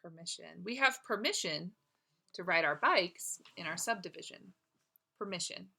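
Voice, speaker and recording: A woman teacher dictating a spelling test, saying each word, using it in a sentence, then repeating it deliberately. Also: on the low side, animated, gravelly, sharp tone, breathy edge. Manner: affectionate toward students.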